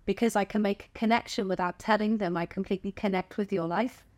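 Casting: middle-aged southern English woman, candid guest, casual swearing, easy laughs, mid pitch. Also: fairly even intonation, quick pace, a little mellow. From England. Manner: frank and chatty, swears casually, laughs often. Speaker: podcast guest, stand-up comedian. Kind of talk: candid conversational interview.

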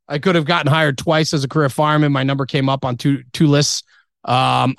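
Middle-aged male podcast guest, blunt and candid, mid-pitched, dry close recording. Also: no echo. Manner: candid, blunt, mild swearing, many fillers. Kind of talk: casual interview storytelling.

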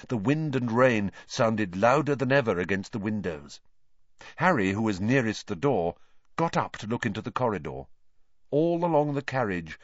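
Expressive low-voiced male narrator. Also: no echo, highs cut off. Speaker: audiobook narrator. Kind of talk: scripted narration of a novel.

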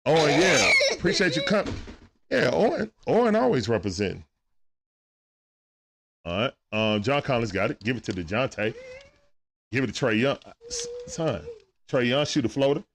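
A man's voice: medium pitch, moderate pace, gravelly, long pauses, a little hiss or hum. A man giving casual play-by-play of a basketball game on a live stream, greeting viewers in chat and talking aside to his son. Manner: animated, greets chat viewers between plays.

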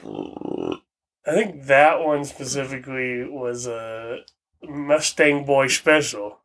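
A man's voice: medium pitch, big pitch swings, slow pace, gravelly, a bit bright. A young man co-hosting a podcast, telling crude stories with lots of swearing and laughter. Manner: profane, laughing storyteller. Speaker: podcast co-host. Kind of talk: crude casual podcast banter.

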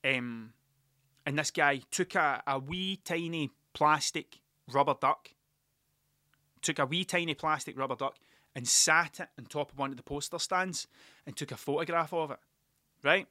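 A man's voice: a little high, moderate pace, sharp tone, no room sound, studio quality. A man with a Glaswegian Scottish accent, rambling through a sweary, wry story in a casual podcast monologue. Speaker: podcast host.

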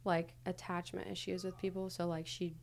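A woman's voice: lowish voice, level tone, normal speed, gravelly, a little hiss or hum. Candid young woman telling her story. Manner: hesitant, candid storytelling with many fillers. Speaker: podcast guest. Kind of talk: casual conversational interview.

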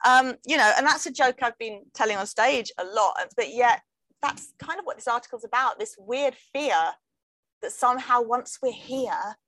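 A middle-aged English woman, a comedian, talking in a wry, jokey way with quick asides in casual conversation. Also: a little high, fairly bright tone, rough recording. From England. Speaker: comedian guest. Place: London.

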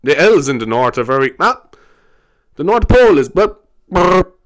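Rambling Irish man with a lively voice. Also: a little high, moderate pace. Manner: rambling, laughing, slipping into silly voices. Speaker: podcast host. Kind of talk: casual solo monologue.

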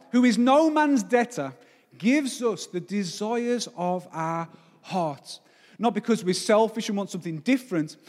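A forty-year-old man preaching to a congregation in a slightly high voice. He presses his points home with emphasis and keeps asking the room questions. A long reverb trails behind his words, as in a church hall. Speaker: pastor. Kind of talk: sermon. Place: church service.

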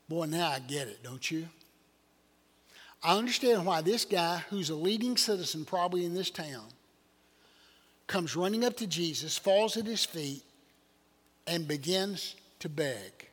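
A man's voice: fairly high pitch, expressive, a little slow, pauses often, husky. An older man, preaching a folksy sermon full of rhetorical questions to his congregation. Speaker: pastor. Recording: church hall reverb.

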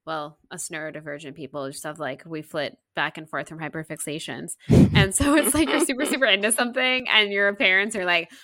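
Young woman, casual podcast chat, bright voice, dry close sound. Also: fairly low pitch, brisk, no room sound. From Orlando, Florida. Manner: chatty, animated, says "like" often. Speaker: podcast co-host. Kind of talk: casual book discussion chat.

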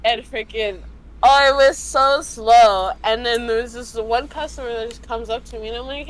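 An American woman co-hosting a casual podcast, animated and exclaiming as she retells a story from work. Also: on the high side, normal speed, slight background noise, low-quality recording. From United States. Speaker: podcast co-host.

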